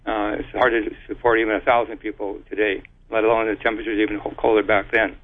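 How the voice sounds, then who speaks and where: A man explaining a theory as an interview guest, speaking haltingly with many restarts and spelled-out words. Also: lowish voice, level tone. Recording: tinny phone line.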